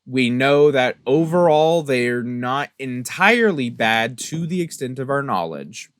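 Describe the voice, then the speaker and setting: A young man casually recapping a game story, rambling with many fillers and restarts, jumping between excited high notes and soft asides. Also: a little slow, smooth, no echo, studio quality. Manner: rambling, filler-heavy, self-correcting; animated storyteller with sudden pitch jumps and soft asides. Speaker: Minecraft server player recapping lore.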